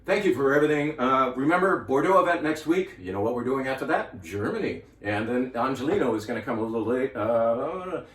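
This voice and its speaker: A man's voice: mid-range voice, expressive, brisk, hardly any pauses, far from the mic. A man hosting a casual video for his wine shop, chatty and enthusiastic, laughing at himself now and then. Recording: roomy echo, from off-mic.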